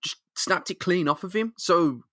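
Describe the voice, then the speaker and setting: A man's voice: high-pitched, normal speed, pushed and bright, dry recording, clean studio sound. A man co-hosting a casual comic-book podcast, making emphatic points, swearing and laughing along. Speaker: podcast co-host.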